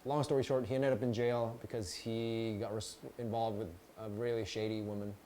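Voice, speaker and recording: A man's voice: lowish voice, little pitch movement, normal speed, dark tone, slight background noise. Young guy cohosting a podcast, chill, lots of likes and ums. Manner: laid-back, talks in bursts with many fillers. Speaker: podcast co-host. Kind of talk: casual chat.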